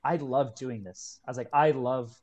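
A man's voice: mid-range voice, steady tone, moderate pace, a little mellow. A man in his twenties, a kettlebell coach, telling his story as a podcast guest in an earnest, heartfelt way. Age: 20s. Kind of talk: casual podcast conversation.

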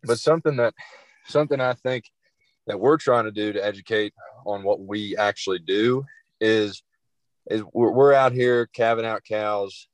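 Dry-voiced young farmer, halting speech. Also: male voice, fairly low pitch, dry recording, poor audio. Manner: halting, many restarts. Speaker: cattle farmer guest. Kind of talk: casual interview answers.

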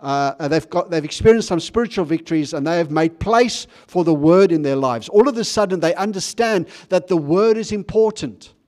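A man's voice: fairly high pitch, animated, moderate pace, hardly any pauses, darkish tone. A man preaching a sermon in a conversational way, with frequent restarts and questions to the congregation. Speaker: pastor.

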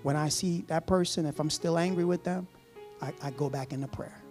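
A man preaching a sermon in a casual, conversational way, repeating phrases and chuckling softly. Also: fairly high pitch, a little fast, soft background music.

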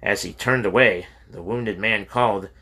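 Low bright male audiobook narrator. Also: moderate pace, husky. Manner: steady storytelling reading. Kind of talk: scripted narration.

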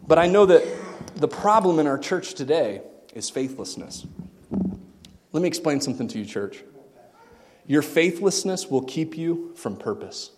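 A married pastor preaching a sermon to his church, swinging from quiet asides to shouted excitement and laughing at his own jokes. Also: a little high. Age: adult, married. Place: church sanctuary. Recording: long reverb in a church hall.

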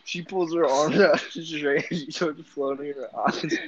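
A man in a casual chat, cutting in with excitable jokes. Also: on the high side, moderate pace, over a noisy crowd. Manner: excitable, joking interjections. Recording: slightly dull lo-fi sound.

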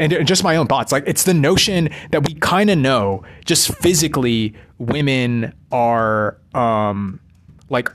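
A man's voice: mid-range voice, a bit bright. A man in a rambling, casual monologue about movies, swearing freely and ending his thoughts with a questioning "right?". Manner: rambling, profane, constant "right?" tags.

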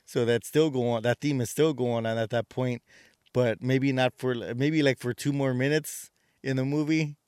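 Guy rambling through a movie plot, smooth resonant voice, super dry close mic. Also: mid-range voice, steady tone, moderate pace, a little mellow, no echo. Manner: rambling retelling with many fillers and restarts. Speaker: podcast co-host. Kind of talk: casual movie recap chat.

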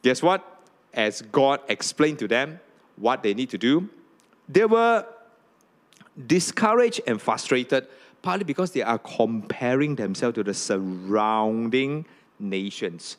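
A man preaching a sermon to a congregation, often asking "okay?" and "right?", and rising high when he reads scripture aloud. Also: lively intonation, a little slow. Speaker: pastor.

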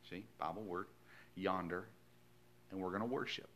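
A male pastor preaching a sermon in a folksy, earnest storytelling way, swinging from hushed lines to loud emphasis. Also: low voice, normal speed.

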